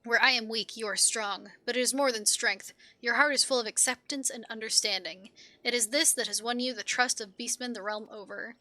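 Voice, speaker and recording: A woman's voice: on the high side, steady tone, no echo. A woman voicing a wounded young woman who speaks faintly and hesitantly from hiding. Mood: pleading. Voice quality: faint, soft-spoken. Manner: hesitant, halting pleas.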